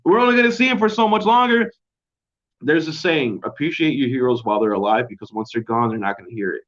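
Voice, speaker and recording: A young man talking at a middle pitch, rambling through a casual solo recap and swearing freely. He sounds laid-back and loose. The home recording is dull and lo-fi. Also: quick pace, a bit bright. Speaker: podcast host.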